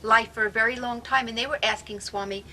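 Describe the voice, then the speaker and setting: A woman's voice: a little high, fairly even intonation, fast talker, sharp tone. A woman in her sixties reminiscing earnestly and reflectively, often repeating her words. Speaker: longtime devotee recounting memories. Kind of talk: casual group reminiscing. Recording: noisy background hiss.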